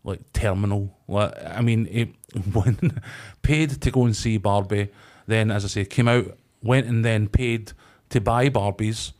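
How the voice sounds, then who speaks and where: A man's voice: lowish voice, a little slow, few pauses, darkish tone. A Scottish man in his forties chatting casually as a podcast co-host, telling stories and acting out quoted voices. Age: 40s. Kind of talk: casual chat.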